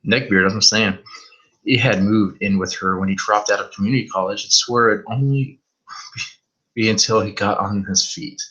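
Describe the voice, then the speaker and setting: A man's voice: lowish voice, steady tone, moderate pace, pushed and bright, dull audio. A man reading a horror story aloud on a live stream, stumbling over words now and then and swearing in asides.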